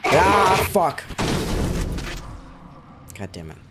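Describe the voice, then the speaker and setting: A man reacting out loud as he plays a horror game, jumpy and foul-mouthed, talking back to the game. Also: a little high, huge pitch swings, extremely slow, background noise. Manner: jumpy, swears a lot, talks back to the game. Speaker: gaming video creator. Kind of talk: live reactions while playing a horror game.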